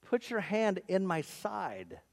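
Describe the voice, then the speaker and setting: Jesus, a preacher voicing a gentle, patient teacher. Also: male voice, high voice, huge pitch swings, takes it slowly, gravelly, heavily acted. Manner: soft, coaxing invitation. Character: gentle risen teacher, calm, patient man.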